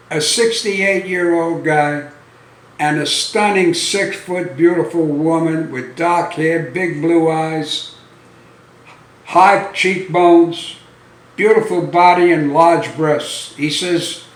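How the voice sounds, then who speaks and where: Man telling dirty jokes slowly, roomy. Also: on the high side. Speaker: stand-up comedian. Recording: roomy sound from a distant mic.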